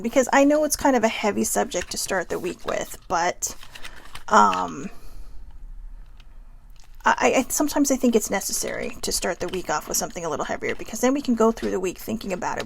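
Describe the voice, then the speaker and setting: Frank gravelly woman hosting a talk. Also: mid-range voice, animated, fairly quick, a little hiss or hum. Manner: frank, swears freely, many "you know" and "okay?" asides. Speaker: host. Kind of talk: casual motivational talk to camera.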